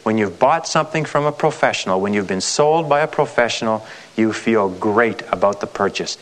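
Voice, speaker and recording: A man's voice: on the low side, animated, normal speed. Emphatic man giving a motivational seminar. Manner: emphatic, repetitive, with frequent rhetorical questions. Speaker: sales trainer.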